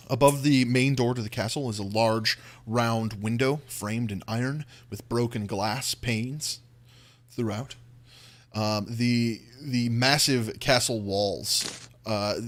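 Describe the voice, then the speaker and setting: Serving as dungeon master for a tabletop role-playing game, a man with a medium-pitched voice sets each scene through slow, descriptive narration.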